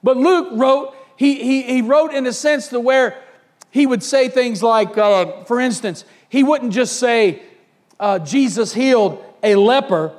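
A man's voice: extremely high pitch, unhurried, a little mellow. A man preaching a sermon, quoting scripture aloud and often restarting and repeating his words.

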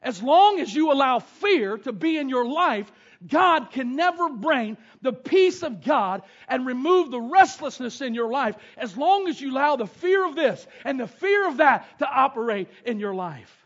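A man, preaching a sermon with animated, homespun storytelling. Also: very high-pitched, normal speed. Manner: animated storytelling with down-home grammar. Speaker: pastor. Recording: dull lo-fi sound.

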